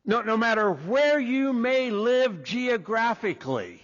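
A man preaching a sermon as pastor, deliberate and restarting his first words. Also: extremely high pitch, animated, fairly bright tone. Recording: dull lo-fi echoey hall.

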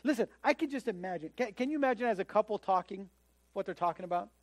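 A man's voice: high-pitched, lively intonation, fast, dry recording. A man preaching a sermon in a conversational way, often acting out the voices of the people he quotes. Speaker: pastor.

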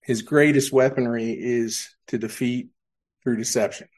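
A male pastor delivering a sermon in a church sanctuary. His voice sits at an ordinary mid pitch. He leans on rhetorical questions, pausing for the room before he gives the answer. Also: fairly even intonation, darkish tone.

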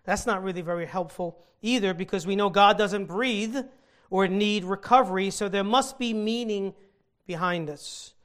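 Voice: medium pitch, moderate pace. A Bible teacher giving an earnest scripture teaching, stopping to explain the meaning of original-language words.

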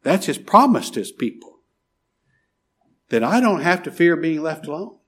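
A middle-aged man preaching a sermon, pleading and emphatic, swinging from loud rises to soft drops. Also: fairly high pitch, big pitch swings, moderate pace. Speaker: pastor.

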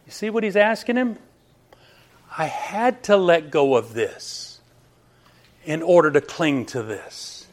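A middle-aged male pastor preaching with a notably high voice and an unhurried, deliberate pace. He speaks emphatically and keeps turning to his listeners with rhetorical questions. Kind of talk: sermon.

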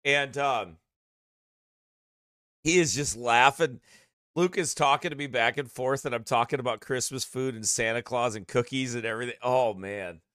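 Man, pastor, casual livestream chat, giggly, bright voice, dry close sound. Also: mid-range voice, moderate pace, no room sound. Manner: giggly, laughs often, goofy. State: slightly strained voice.

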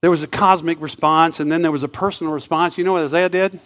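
A man preaching a sermon in a church, swinging between loud emphatic lines and hushed, drawn-out phrases. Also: fairly high pitch, fairly even intonation. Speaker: pastor.

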